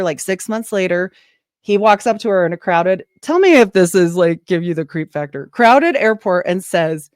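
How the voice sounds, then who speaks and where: A woman's voice: fairly low pitch, no room sound, studio quality. A woman talking casually in an interview, telling a long story animatedly and acting out what people said. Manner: animated, quotes people in lively voices. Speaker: podcast host, guest.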